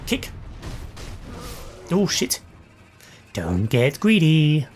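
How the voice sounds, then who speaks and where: A man's voice: a little high, big pitch swings, drawn-out words, faint music behind. A young adult man casually commentating his own gameplay, swearing and reacting aloud as he fights. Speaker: gaming channel host.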